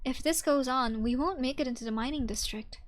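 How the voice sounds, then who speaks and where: A woman's voice: high-pitched, brisk, lightly acted. A woman voicing an earnest young female leader who speaks carefully and seriously.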